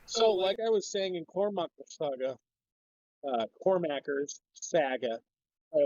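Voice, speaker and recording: Guest, Minnesotan man, higher voice, dull dry call audio, rambling and profane. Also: expressive, unhurried, a little mellow, dry recording. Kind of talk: casual livestream discussion.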